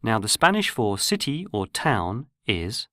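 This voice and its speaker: A man giving scripted, measured narration for a pronunciation lesson. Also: fairly low pitch, sing-song, sharp tone, dry recording, studio quality. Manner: measured, explanatory. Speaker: language course narrator.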